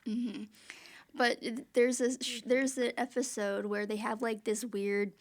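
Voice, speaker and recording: Woman cohost chatting casually, kinda high voice, lots of likes and quick asides. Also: little pitch movement. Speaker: podcast co-host. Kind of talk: casual chat.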